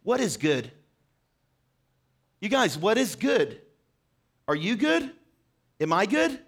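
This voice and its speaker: A man's voice: high voice, wildly swooping pitch, slow. A man preaching a short sermon, earnestly asking questions and speaking directly to his listeners. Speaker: pastor.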